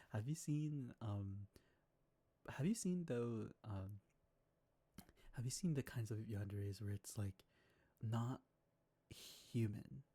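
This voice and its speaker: A man with a Southern American accent hosts a casual chat on his stream, easygoing and quick to laugh. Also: mid-range voice, lively intonation, warm tone, husky. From Southern United States. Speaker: ASMR streamer host.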